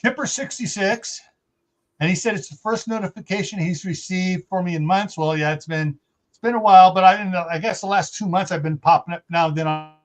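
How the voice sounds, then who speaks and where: High-voiced chatty male host. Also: brisk. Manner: chatty, laughs often, reads out viewer comments. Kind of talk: casual livestream chat.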